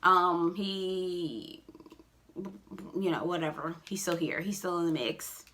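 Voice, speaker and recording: A woman giving a casual, sassy recap of a reality show, with expressive asides and big swings in pitch. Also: slow pace, slight background noise.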